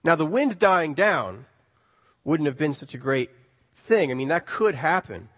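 A man preaching a sermon, animated, swinging between loud emphasis and hushed words. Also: on the high side, measured pace. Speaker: pastor. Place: church sanctuary. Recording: long reverb of a hall.

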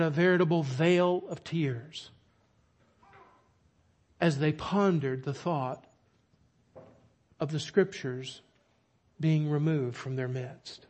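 A man preaching a sermon, with emphatic, dramatic storytelling. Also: on the high side. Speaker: pastor.

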